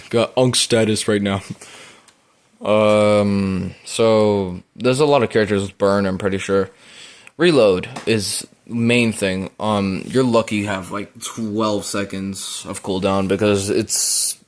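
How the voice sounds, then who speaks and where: A man giving casual, rambling gameplay commentary, full of fillers, breaking into excited yelps while playing. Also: fairly low pitch, slow. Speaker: gaming YouTuber. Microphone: phone.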